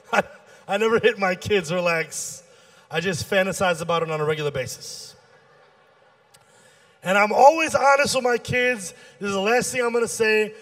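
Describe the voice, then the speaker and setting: A fairly high-pitched man working a stand-up set as the show's emcee. He tells his stories with lots of energy, jumping into different voices to act out each conversation. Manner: animated storytelling, acting out dialogue with shifts in pitch.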